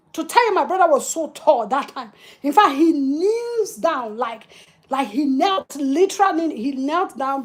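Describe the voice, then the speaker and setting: A middle-aged woman, hosting a livestream and telling a childhood family story with emotion and laughter. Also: high voice. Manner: emotional, laughing between tender memories. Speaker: livestream host.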